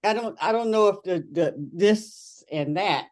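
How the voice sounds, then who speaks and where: A woman's voice: mid-range voice, unhurried, a little mellow. A woman co-hosting a casual group chat, giving reassuring feedback in a rambling way with lots of fillers. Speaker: co-host.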